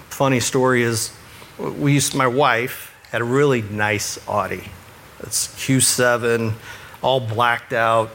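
This man works with churches and offers earnest, conversational faith advice, chuckling at his own stories in a self-deprecating way. His voice is medium-pitched and a bit bright, with slight background noise.

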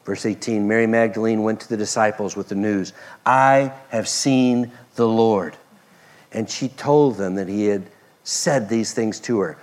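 A man preaching a sermon, expressive, moving between loud emphasis and soft, hushed passages. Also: fairly low pitch, normal speed. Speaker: pastor.

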